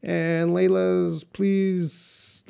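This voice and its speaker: A man teaching English in a live-stream Q&A, slowly and patiently answering viewer questions with example sentences. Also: sits high, little pitch movement, creaky, warm tone, clean tone.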